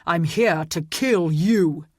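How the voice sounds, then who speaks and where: A man's voice: on the high side, takes it slowly, a little mellow, no echo, clean studio sound. A narrator voicing Roland, a furious male immortal swordsman born in medieval England, who roars and thunders his lines. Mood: threatening. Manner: roaring, thundering.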